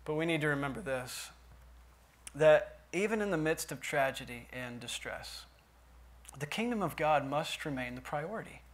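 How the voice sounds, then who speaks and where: A pastor delivers his sermon in a church, his voice sitting a little high for a man. He drops low for quiet asides, then swells loud on the lines he stresses. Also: lively intonation, moderate pace. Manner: preaching with big swings from quiet to loud emphasis.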